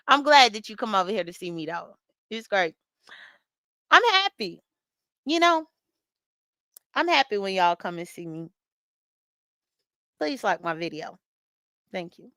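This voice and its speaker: A woman's voice: mid-range voice, very animated, unhurried, pauses often, a bit bright, dry recording. A chatty woman, recapping online drama in a casual morning chat with her viewers, laughing often and talking straight to commenters by name. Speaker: vlogger recapping livestream drama. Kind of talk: casual chat to viewers while getting ready.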